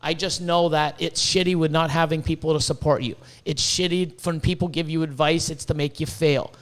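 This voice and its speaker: A man from Canada hosting a podcast in casual chat, talking excitably, swearing freely and stumbling over repeated words when he gets worked up. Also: on the high side, normal speed. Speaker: podcast host.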